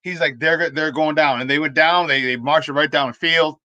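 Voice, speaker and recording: Man, sports talk host, rambling animated stories, bright forceful voice, dry sound. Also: a little high, a little fast, no echo. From Chicago. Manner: rambling, animated anecdotes with restarts. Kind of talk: casual sports talk storytelling.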